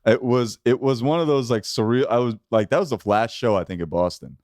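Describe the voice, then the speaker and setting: A man who is a comedian guest on a podcast, talking in a quick, reflective, chatty way. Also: medium pitch, darkish tone, no room sound, clean studio sound. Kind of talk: casual podcast chat.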